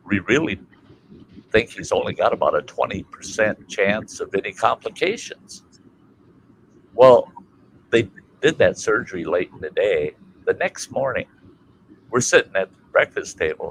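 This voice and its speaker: A man from Minnesota hosting a casual chat stream, telling a family story in a colorful, animated way and swearing freely. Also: on the low side, gravelly, a little hiss or hum, low-quality recording. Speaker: livestream host.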